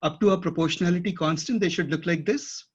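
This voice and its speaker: Husky-voiced man lecturing a class. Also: sits high, quick pace. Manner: checks in with students often, thinks aloud. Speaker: instructor. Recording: dull lo-fi classroom recording.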